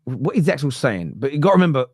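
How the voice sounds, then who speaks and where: A man from London's East End with a Cockney accent, hosting a live football watchalong in a chatty, self-mocking way and breaking into shouted excitement at near misses. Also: medium pitch, rapid-fire, slightly rough, no echo, studio quality. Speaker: watchalong host.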